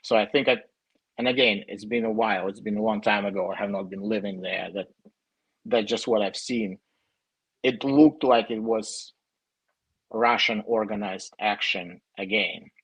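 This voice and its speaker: A man's voice: fairly low pitch, steady tone, normal speed, fairly bright tone, husky, no echo, low-quality recording. A young man with a Ukrainian accent who grew up in Ukraine, answering questions over a video call in a casual, hesitant way with many fillers. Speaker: guest.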